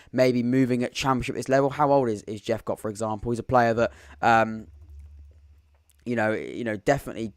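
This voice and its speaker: A young man hosts a live football podcast, rambling casually and thinking aloud as he reads viewer comments. His medium-pitched voice has a clean tone, captured dry in studio quality.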